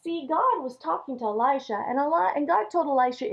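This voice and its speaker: A woman teaching Sunday school, telling a Bible story to children in an animated way. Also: high-pitched, brisk, vocal fry. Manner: animated, acts out characters' lines. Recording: dull lo-fi recording.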